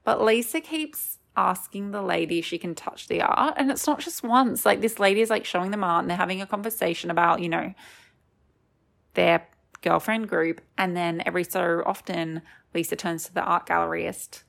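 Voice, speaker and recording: A woman's voice: on the low side, moderate pace, vocal fry, a bit bright. A woman co-hosting a podcast, chatting casually with jokey tangents while recapping a reality show. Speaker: podcast co-host.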